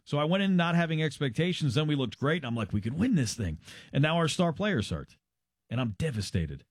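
A man's voice: fairly high pitch, big pitch swings, a little fast, dry recording, studio quality. A man hosting a radio show, chatting casually and joking at his own expense. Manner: joking, self-deprecating, chatty. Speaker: radio host.

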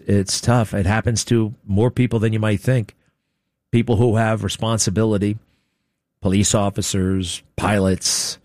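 A man hosts a talk radio show, riffing in a sarcastic, mocking way. His voice sits low. The sound is dry and close. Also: darkish tone, no echo. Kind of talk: opinionated talk radio monologue.

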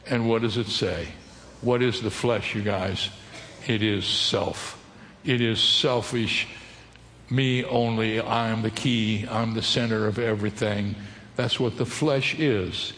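A man preaching to his congregation, his medium-pitched voice ringing through a large hall with long reverb. He teaches in a steady sermon manner and keeps putting questions to his listeners. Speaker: pastor.

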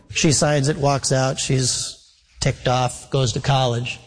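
A man's voice: mid-range voice, flat delivery, takes it slowly. A male pastor preaching a sermon, telling a story with emphatic repetition, with long reverb from a large hall.

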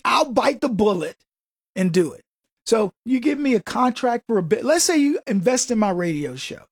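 A man's voice: high-pitched, husky, no room sound, clean studio sound. A man hosting a radio show, delivering a combative, sarcastic political monologue full of rhetorical questions.

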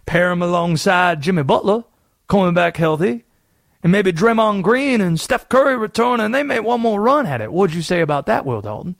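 A man putting on a Southern accent to play an excitable conspiracy-theorist sports pundit on a radio show. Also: high-pitched, creaky, dry recording, clean studio sound. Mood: scheming. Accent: American Southern. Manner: fast-talking, drawling, wheedling. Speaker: radio host.

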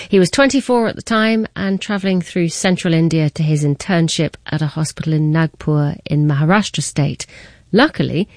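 A woman with a low voice reads a scripted news link in measured, even tones. The recording is dry and close to the microphone. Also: no room sound. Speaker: news presenter.

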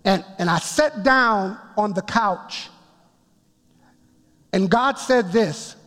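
High-pitched guy preaching, tells his story big and emphatic, lots of church hall echo. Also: takes it slowly. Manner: emphatic storytelling, rising to near shouts. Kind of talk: sermon testimony. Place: church sanctuary before a congregation. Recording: long reverb of a large hall.

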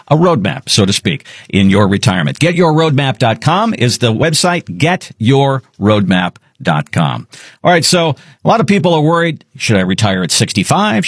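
A man's voice: medium pitch, husky, no echo, clean studio sound. A man hosting a financial radio show with an upbeat, salesy delivery. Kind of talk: talk radio with promotional read.

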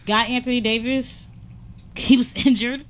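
Animated young woman in casual chat. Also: fairly high pitch, measured pace. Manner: animated storyteller, slangy.

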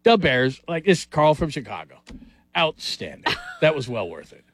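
A man hosting a sports talk radio show, energetic and rambling. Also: fairly high pitch, normal speed, no room sound.

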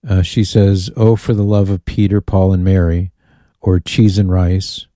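A man's voice: low-pitched, flat delivery, normal speed, dark tone, dry recording, clean studio sound. A man hosting a call-in radio show, chatting in an amused way and reading listener emails aloud.

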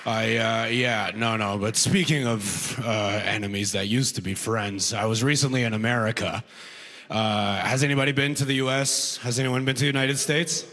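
A man's voice: on the low side, fairly even intonation, moderate pace, sharp tone, big-room sound. A man from Alberta performing a stand-up comedy set on a festival stage, talking conversationally and tossing in frequent "right?" asides. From Alberta, Canada. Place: comedy festival stage before a live audience.

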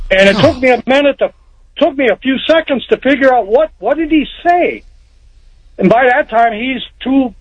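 A man's voice: very high voice, breathy edge, no echo. A man calling into a radio show from Texas, telling a rambling story in a plainspoken way. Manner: rambling, plainspoken, restarts often. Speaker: caller. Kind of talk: phone-in storytelling. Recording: dull phone line.

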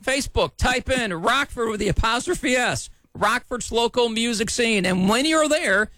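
A man's voice: extremely high pitch, animated, normal speed, sharp tone, no echo. A man giving local music updates on a radio show, talking in an easygoing, casual way into a studio microphone. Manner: easygoing, chuckles along.

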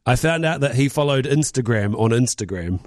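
A man's voice: medium pitch, expressive, brisk, a little mellow, dry recording, studio quality. A man co-hosting a radio show in casual banter, teasing and reading listener comments aloud. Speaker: radio co-host.

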